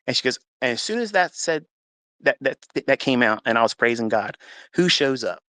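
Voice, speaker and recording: An animated man with a mid-range, somewhat bright voice talks a little quickly as he gives his emotional personal testimony, emphatically performing the dialogue. The audio has no echo and comes from his home, captured on a phone in a live audio chat.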